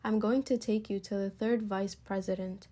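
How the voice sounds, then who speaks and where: A woman's voice: medium pitch, steady tone, normal speed, dark tone, close to an everyday voice. A woman voicing an angry male general manager in a storybook, curt and scolding.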